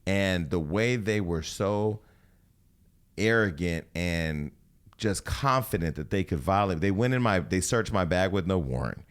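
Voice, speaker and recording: Profane, animated talk-show host man. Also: low-pitched, unhurried, clean tone. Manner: animated, profane storytelling with acted-out quotes. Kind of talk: casual talk-show storytelling.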